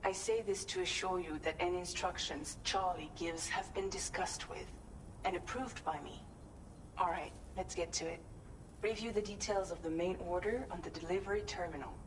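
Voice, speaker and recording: An actress voicing a composed female leader in a game, who speaks in a steady, authoritative way. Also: fairly low pitch, moderate pace, slight background noise, natural voice, low-quality recording. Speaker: game character, leader giving orders.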